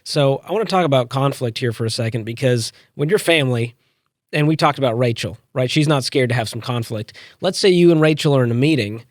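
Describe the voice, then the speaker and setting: A man's voice: mid-range voice, brisk, no echo, studio quality. Affirming male interview host. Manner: affirming, steers with short questions. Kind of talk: conversational interview questions.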